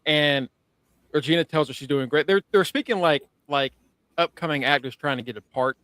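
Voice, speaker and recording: A man's voice: fairly high pitch, moderate pace, no echo. A man co-hosting a podcast, casually recapping a TV episode with profanity and acted-out quotes. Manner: animated, profane, acts out scenes. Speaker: podcast co-host. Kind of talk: casual show review chat.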